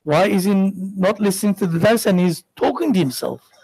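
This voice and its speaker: A man's voice: high voice, expressive, normal speed, creaky, darkish tone, slightly rough, no echo, poor audio. A middle-aged man preaching a sermon as a sheikh, asking rhetorical questions and acting out the voices in his stories. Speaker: sheikh giving a religious talk. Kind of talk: sermon with storytelling.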